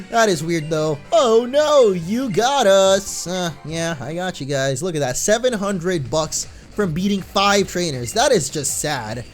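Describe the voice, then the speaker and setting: A man hosting a let's play, giving casual gameplay commentary in a chatty, excitable way and laughing often. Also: a little high, measured pace, faint music behind.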